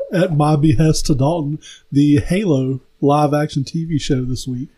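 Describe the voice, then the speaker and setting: A young man co-hosting a casual podcast, jumping in with quick jokes and game talk. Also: fairly high pitch, dark tone, husky. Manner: quick joking asides, says "oh, yeah" a lot. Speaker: podcast co-host. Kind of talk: casual chat.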